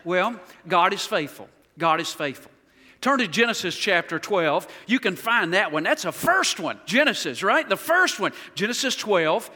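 A man's voice: high-pitched, big pitch swings, moderate pace, pushed and bright. A man preaching as a guest pastor in a church, leading the congregation in call-and-response. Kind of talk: sermon. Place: church sanctuary. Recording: long hall reverb.

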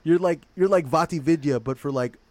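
A man's voice: on the high side, a little fast, darkish tone, no echo. A man co-hosting a podcast in casual, rambling chat, laughing often. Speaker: podcast co-host.

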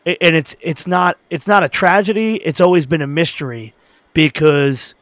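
A male host asks long, winding questions, stopping and restarting as he goes. His voice is a touch high and sounds close and dry, with no room echo. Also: moderate pace, fairly bright tone. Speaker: interviewer, host. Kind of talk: casual interview.

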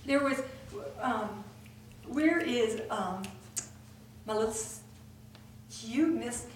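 A woman preaching a lively sermon to a women's gathering, acting out the voices in the stories she tells. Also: on the high side, drawn-out words, slight background noise. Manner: animated, acts out voices in her retelling. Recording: echoey hall recorded from far off.

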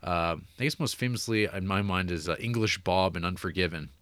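Tired male podcast co-host, halting and dry-witted; low-pitched, bright, close dry sound. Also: no room sound. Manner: halting, stammering restarts, dry humor. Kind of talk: casual chat.

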